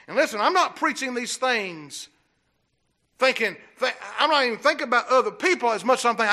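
A man preaching a sermon, swinging from low, steady talk into fiery shouting. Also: a little fast. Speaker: pastor.

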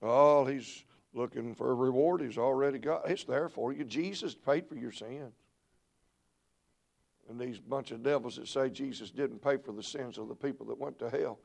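A middle-aged man preaching a revival sermon in church, swinging between low murmurs and shouted peaks. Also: normal speed, vocal fry. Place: church sanctuary.

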